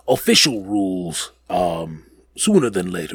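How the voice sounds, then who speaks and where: A man hosts a casual podcast, rambling with jokey asides while he shakes off the flu. His low voice is gravelly and a little husky, and it swings widely in pitch. The sound is dry and close. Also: sing-song, unhurried, fairly bright tone, dry recording. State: getting over the flu. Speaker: podcast host.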